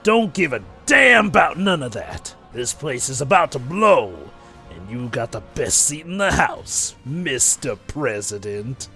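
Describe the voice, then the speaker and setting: A man voicing a gruff, brooding young male mercenary in a flat, terse, deadpan way during a game playthrough. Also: mid-range voice, measured pace, soft background music, pitched below the performer's own voice, full character voice.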